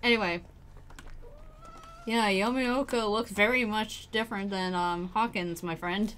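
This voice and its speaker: A woman streaming a game from home, excitable, swearing and laughing as she plays. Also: mid-range voice, unhurried, slight background noise. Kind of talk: live game commentary.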